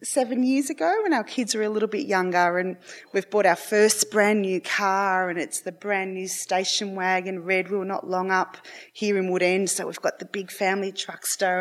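A middle-aged woman telling a long personal story in a rambling, animated way, acting out the voices of her family. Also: mid-range voice, normal speed. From Australia.

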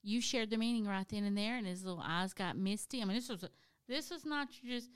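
Woman co-host, folksy and chatty, smooth resonant voice, dry close sound. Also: medium pitch, brisk, no room sound. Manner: chatty, laughs often, folksy asides. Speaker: podcast co-host. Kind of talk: casual faith chat.

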